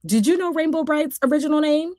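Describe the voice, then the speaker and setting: A woman hosts a casual vlog where she recaps cartoons. She talks in a sassy, exclamatory way with plenty of playful asides. Her voice sits fairly high, and the sound is dry and close. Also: fast talker, warm tone, no echo. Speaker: host.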